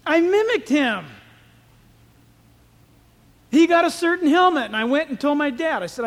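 A man preaching a sermon as pastor, telling stories in an animated way. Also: very high voice, normal speed, long pauses. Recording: echoey hall with long reverb.

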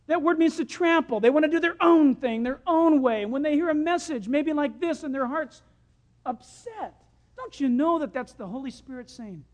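Animated preacher with lively pitch. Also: moderate pace, highs cut off. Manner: animated storytelling, swings from loud to hushed. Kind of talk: sermon.

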